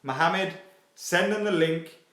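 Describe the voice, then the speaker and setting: A lad hosts a late-night football fan channel stream, reading viewer comments aloud in casual chat. His male voice is slightly high and slow, and he is excitable and sweary, with a roomy echo in the recording.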